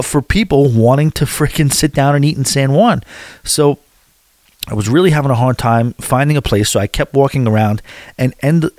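A man's voice: medium pitch, no room sound, studio quality. A middle-aged American man casually recounting his evening out, rambling with restarts and chatty asides. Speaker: vlogger recounting a cruise stop. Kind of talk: casual storytelling.

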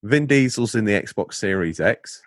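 A man's voice: on the low side, lively intonation, moderate pace, dry recording, studio quality. A young man with an English Lincolnshire accent, co-hosting a casual chat in a jokey, playful way. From England. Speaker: podcast co-host.

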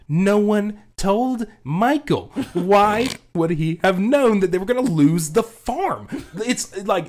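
A young man in casual chat, rambling and acting out quotes as he tells a story. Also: high-pitched. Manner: rambling, animated, acts out quotes. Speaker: co-host.

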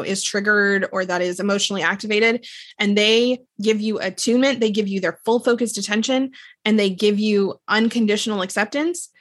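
An earnest woman coach explaining ideas in relaxed podcast talk. She slows down on the points she wants to land and keeps a steady, mid-height voice. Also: medium pitch, no echo. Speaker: emotional regulation coach. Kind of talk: casual podcast conversation.

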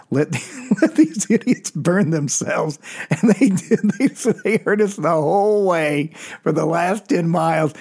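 Older man, 60s, slightly high voice, loose profane storyteller. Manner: rambling, frequent restarts and profanity, chuckling. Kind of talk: casual personal storytelling.

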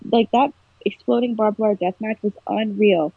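Husky woman on a tinny line. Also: mid-range voice, moderate pace, no room sound. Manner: emotional, animated storytelling. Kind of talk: casual chat.

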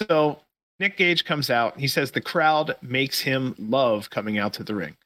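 Bright-voiced man recapping wrestling casually. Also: mid-range voice, measured pace, no echo. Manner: profane, rambling play-by-play recap. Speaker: podcast host.

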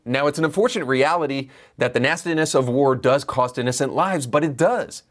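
A man's voice: mid-range voice, brisk. A man hosts a scripted commentary show. He speaks in a mid-range voice and pushes his points with opinionated emphasis. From United States. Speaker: commentary podcast host.

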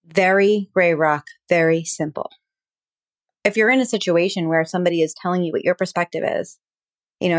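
A woman hosting an advice podcast as a relationship coach, talking calmly and plainly through examples. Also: on the low side, brisk, dry recording, studio quality. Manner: calm, explanatory, acts out example dialogue.

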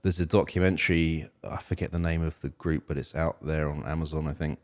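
A man with a very low voice co-hosts a casual music podcast. He wanders through his thoughts with fillers and restarts, chatting easily with his co-host. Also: fairly even intonation, brisk. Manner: rambling, many fillers and restarts.

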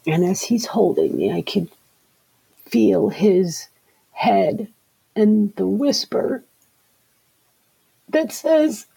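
A woman giving an earnest personal account as an interview guest. She talks haltingly and often repeats her words. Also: mid-range voice, creaky, mellow, husky, rough recording. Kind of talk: personal testimony in conversation.

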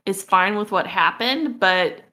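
Bright, frank woman reviewing a book. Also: medium pitch, a little slow. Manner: frank and giggly, trailing off and restarting. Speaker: book club podcast co-host. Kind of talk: casual chat, book review.

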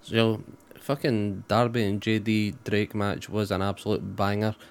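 Low, flat-voiced man. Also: a little slow, creaky, clean tone, no echo. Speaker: wrestling podcast co-host. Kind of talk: casual chat.

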